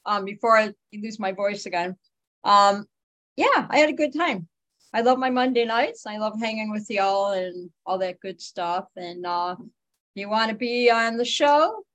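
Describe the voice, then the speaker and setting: A woman's voice: mid-range voice, lively intonation, a little slow, fairly bright tone. A woman, co-hosting a podcast in a friendly, easygoing, chatty way. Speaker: podcast co-host. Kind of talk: casual chat.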